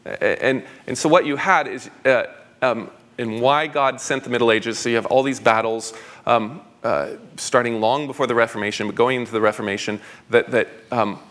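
A man's voice: mid-range voice, steady tone, normal speed, a bit bright. Eager, rambling man. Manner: eager, rambling, frequent stammered restarts. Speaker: pastor. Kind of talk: conference Q&A answer.

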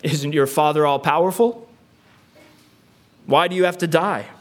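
A man's voice: a little high, a little slow, close to an everyday voice. A preacher voicing a coaxing male devil. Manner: coaxing, persuasive questioning. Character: smooth-talking tempting devil, male.

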